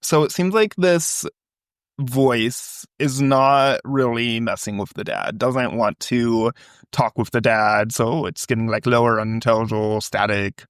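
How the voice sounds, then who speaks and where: A man's voice: medium pitch, steady tone, unhurried, clean tone, no echo, clean studio sound. Man chatting casually on a podcast. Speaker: podcast co-host. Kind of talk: casual chat, reading a transcript.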